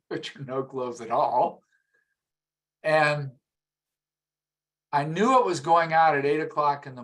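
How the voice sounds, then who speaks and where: A middle-aged man with a fairly high voice leads a live masterclass. He talks conversationally, often repeats words as he goes, and turns to the audience with questions. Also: a bit bright. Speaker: emotional intelligence trainer.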